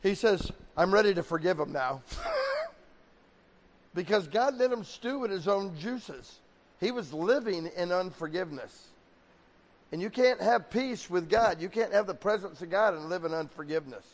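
A man delivering a sermon as pastor, his voice sitting high for a man. He slips into quoted voices as he preaches, and a long reverb rings behind him in a big hall. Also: lively intonation, normal speed. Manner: preaching with acted-out quotes of God and people.

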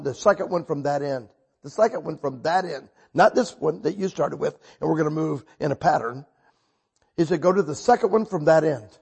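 A husky-voiced man preaches in a storytelling sermon, his pitch a touch high for a man. He swings from quiet, drawn-out asides to loud, excited bursts. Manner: animated, bursts loud when quoting himself.

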